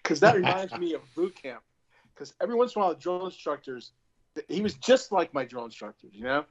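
A man talks bluntly and cursingly in a casual chat, reminiscing. His voice sits a little high and comes through a dull, lo-fi line. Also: lively intonation, quick pace, a crowd in the background.

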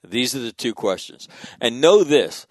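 A middle-aged man in a casual podcast conversation, telling stories in a profane, animated way. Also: medium pitch, measured pace, no room sound.

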